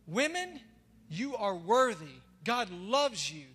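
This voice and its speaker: A man preaching a sermon, swinging between soft asides and loud emphatic declarations. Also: high voice, very animated, slow pace, husky. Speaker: pastor. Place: church sanctuary. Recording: long reverb of a large hall, faint music.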